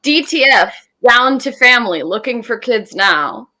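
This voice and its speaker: Woman, from the South, dry one-liners, bright voice. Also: a little high, animated, measured pace. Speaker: comedian panelist. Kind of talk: improv comedy game show answers.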